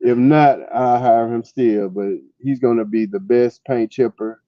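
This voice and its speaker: A man's voice: mid-range voice, a little slow, slight background noise. A man co-hosting a casual podcast chat, blunt and profane, laughing as he talks. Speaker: podcast co-host. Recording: dull dry lo-fi sound.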